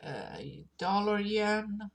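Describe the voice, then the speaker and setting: A woman streaming her forex trades, thinking aloud as she clicks through charts, with many pauses and fillers. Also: mid-range voice, lively intonation. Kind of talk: live screen-share trading commentary.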